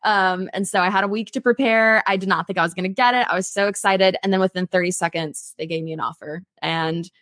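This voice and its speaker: A young adult woman, a theme park singer, telling her story in a casual interview with an animated, chatty manner. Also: mid-range voice, fast, few pauses, no echo, clean studio sound.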